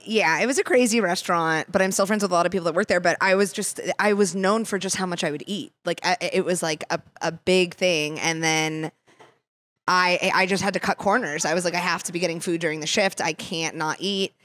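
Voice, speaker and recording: A woman's voice: fairly low pitch, brisk, a bit bright, no room sound. Woman, podcast guest, giggly casual storyteller, dry recording. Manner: giggly, laughs through her stories. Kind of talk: casual chat.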